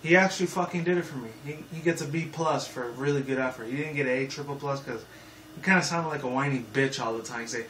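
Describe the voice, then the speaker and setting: A man's voice: mid-range voice, fast talker, a bit bright. A man in his twenties giving a rambling, profane, casual movie review full of fillers. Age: 20s. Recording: echoey room, mic far off, faint noise.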